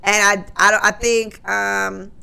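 Blunt gravelly woman podcaster. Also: medium pitch, flat delivery, slow, sharp tone. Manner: blunt, profane, opinionated. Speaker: podcast co-host. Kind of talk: casual podcast chat.

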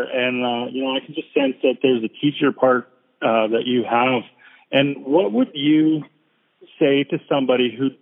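A man hosting a casual interview, putting questions with soft affirmations and hesitant fillers. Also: medium pitch. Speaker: host. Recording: phone-like narrow band audio.

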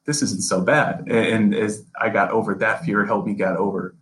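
A man's voice: on the low side, fairly even intonation, moderate pace, a bit bright, rough recording. A young man, a sports reporter, talking earnestly as a podcast guest, often repeating and restarting words. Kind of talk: casual interview conversation.

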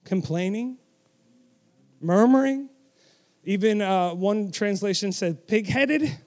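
A man's voice: sits high, animated, slow, a little mellow. A man preaching a sermon, emphatic and direct, with self-deprecating asides and call-and-response with the congregation.

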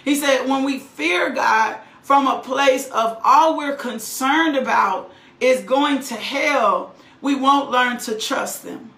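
A woman's voice: high-pitched, takes it slowly, a bit bright, reverberant. A middle-aged woman preaching a sermon with fervor, often repeating lines for emphasis and checking in with "right?".

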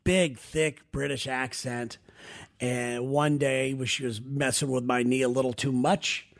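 A man's voice: medium pitch, little pitch movement, measured pace, vocal fry. A man co-hosting a podcast, chatting casually and telling rambling, joking stories. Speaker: podcast co-host. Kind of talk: casual chat.

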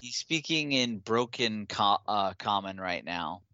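A man narrating as game master in a tabletop game, halting and restarting as he goes. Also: on the low side, expressive, sharp tone, dry recording, lo-fi sound.

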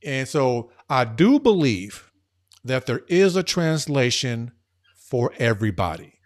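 A man speaking as a podcast guest, earnest and emphatic, shifting between quick bursts and slow, stressed words. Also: mid-range voice, sing-song. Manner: earnest and emphatic, speeding up and slowing down. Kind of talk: casual conversational podcast talk.

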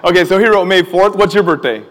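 Energetic young male preacher in a reverberant hall. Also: high voice, quick pace. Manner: animated, calls for crowd responses, laughs often. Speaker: youth pastor. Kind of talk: energetic sermon. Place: church hall with a live audience.

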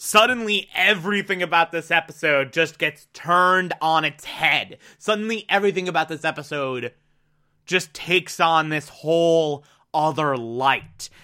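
Bright-voiced man recapping a TV episode. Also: a little high, measured pace, clear, resonant tone. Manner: enthusiastic, swears, asides. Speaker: TV episode reviewer. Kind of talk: casual spoken episode recap and review.

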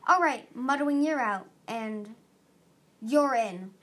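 Lady reading a gruff bossy dragon trainer guy, fairly high voice, barks orders. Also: lively intonation, takes it slowly. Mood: commanding. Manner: gruff, commanding. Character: stern male dragon battle trainer, harsh.

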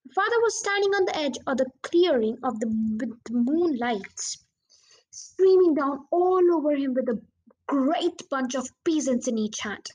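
High-voiced woman reading a storybook. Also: expressive, a little slow, a little mellow. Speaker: audiobook reader. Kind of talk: storybook narration.

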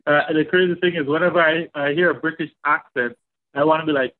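A man's voice: fairly high pitch, fairly even intonation, fast. A man with a Jamaican accent hosting a casual podcast chat, upbeat and playful as he introduces his guest. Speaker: podcast host. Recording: tinny phone-like line.

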